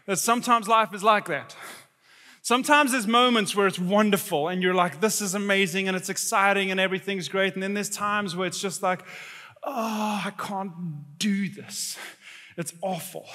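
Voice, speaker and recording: A middle-aged man gives an animated, storytelling sermon and mocks himself as he acts out his own reactions. His voice sits high and sounds bright and forceful. A long church-hall reverb trails behind each phrase. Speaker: pastor.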